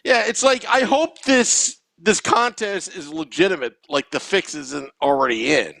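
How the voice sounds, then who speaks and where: A man co-hosting a podcast in casual, animated, self-mocking chat. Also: fairly high pitch, a little slow, gravelly, dry recording, clean studio sound. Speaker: podcast co-host.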